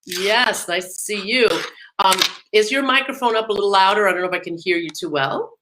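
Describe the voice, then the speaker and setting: A woman's voice: mid-range voice, brisk, noisy background. A middle-aged woman hosting a podcast in an upbeat, chatty way, laughing often. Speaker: podcast host. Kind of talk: casual podcast talk.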